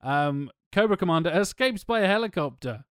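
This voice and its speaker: A man's voice: sits high, expressive, a little fast, clear, resonant tone, no echo, studio quality. A man co-hosting a casual film podcast, recapping the plot with sweary, sarcastic asides. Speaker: podcast co-host.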